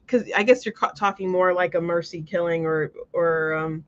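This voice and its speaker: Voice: medium pitch, steady tone, normal speed, muffled recording, a little hiss or hum. A show host talking casually in an earnest, rambling way, with many restarts. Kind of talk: casual commentary monologue.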